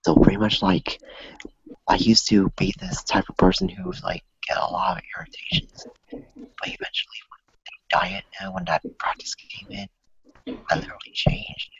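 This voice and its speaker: Low, husky man half-whispering. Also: big pitch swings, normal speed, no room sound, lo-fi sound. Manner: soft, often half-whispered. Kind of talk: casual conversation.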